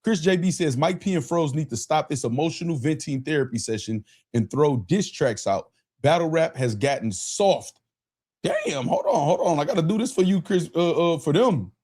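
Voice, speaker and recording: A man hosting a casual livestream, excitable and profane, shouting out chat and repeating himself. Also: on the high side, normal speed. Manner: profane, laughing. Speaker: livestream host.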